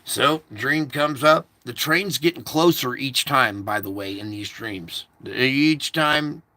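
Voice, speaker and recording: A man's voice: mid-range voice, slow, sharp tone, no echo. A man recounting a recurring dream in a rambling, repetitive casual monologue, stopping now and then to fiddle with his equipment.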